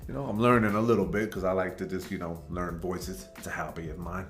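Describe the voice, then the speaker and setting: A man's voice: sits low, fairly even intonation, fast, hardly any pauses, roomy sound, soft background music. A man hosting a reaction video, chatting in a rambling, friendly way with lots of fillers. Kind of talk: casual chat.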